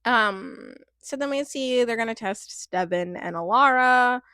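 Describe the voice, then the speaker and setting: A woman's voice: a little high, unhurried, pushed and bright, no echo, clean studio sound. A young woman chatting casually as she recaps a reality show, giggly and candid, filling her talk with "like" and "um". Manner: chatty, giggly, full of fillers and asides; candid and playful. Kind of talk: casual chat.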